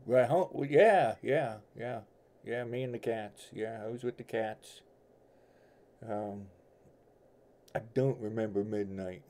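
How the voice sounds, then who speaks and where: A man's voice: mid-range voice, takes it slowly, dark tone. A middle-aged man with a blend of New York and Southern accent, chatting casually and rambling folksily as host of a tarot livestream from home. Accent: mix of New York and Southern US. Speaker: tarot reader and stream host. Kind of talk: casual livestream chat with viewers.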